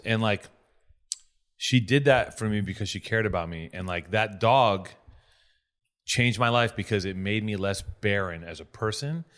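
A man's voice: lowish voice, fairly bright tone. A man hosting a podcast, telling rambling, profane stories in casual chat. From Los Angeles. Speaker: podcast host.

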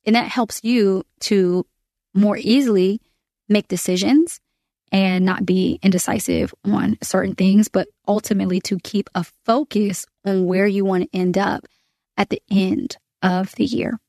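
A woman hosts a prayer podcast in an earnest, heartfelt way, pausing on fillers and restarting her sentences. Her voice sits in a middle pitch range. The sound is dry and close, with no room echo. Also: fairly even intonation, warm tone. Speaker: podcast host. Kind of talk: prayer podcast, spoken prayer and reflection.

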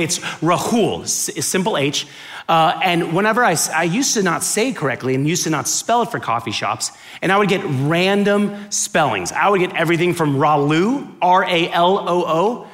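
Animated high-voiced man preaching with humor. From Miami. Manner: animated, joking, acts out dialogue. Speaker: guest preacher. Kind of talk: sermon with comic storytelling. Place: church auditorium with live audience.

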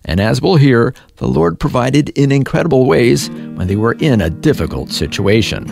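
A man hosting a radio program, introducing the story in a calm, measured way. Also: mid-range voice, vocal fry, faint music behind. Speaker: host.

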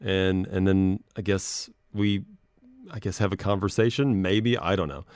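A man's voice: sits low, fairly even intonation, unhurried, a little mellow, dry recording, clean studio sound. A man hosting a podcast in casual chat, rambling and self-deprecating as he reads messages aloud. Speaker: podcast host.

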